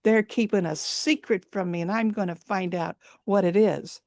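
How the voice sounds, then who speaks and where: A woman's voice: medium pitch, normal speed, a little mellow, no echo, close to an everyday voice. A woman playing a lost hunter in a folk tale, earnest, scheming, plain voice, dry sound. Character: curious, scheming male hunter, lost in jungle.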